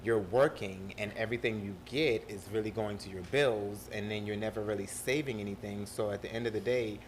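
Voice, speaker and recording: A man with a South Carolina Lowcountry accent, talking casually as a podcast guest and switching between proper and Southern speech. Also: steady tone, a little fast, a little hiss or hum.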